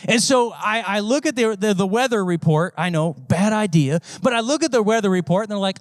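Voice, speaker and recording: High-voiced man preaching, dry and close. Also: lively intonation, brisk, few pauses, no echo. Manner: conversational preaching with sweeping pitch swings and repeated phrases. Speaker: pastor. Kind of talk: sermon.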